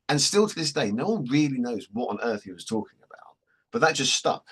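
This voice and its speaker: A man with a husky voice, presenting a workshop in a chatty, joking storytelling way. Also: mid-range voice, animated, quick pace, fairly bright tone. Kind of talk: anecdotal workshop talk.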